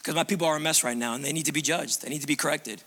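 A man preaching in a sermon, voicing God with a low, grave and firm voice. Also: racing, pushed and bright. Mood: stern. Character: stern, calm God speaking to a prophet. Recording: long reverb of a large room.

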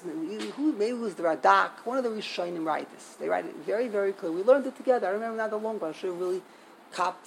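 A man's voice: high-pitched, poor audio. Older guy giving a torah class, keeps repeating himself, worked up, faint noise behind. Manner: emphatic, repetitive, indignant. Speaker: Torah teacher.

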